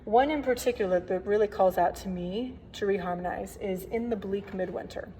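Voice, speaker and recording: A woman organist teaches hymn playing in a relaxed workshop lesson, friendly and chatty with playful asides, speaking at normal speed. Her mid-pitched voice rings through a long, lingering reverb, with a faint hiss beneath.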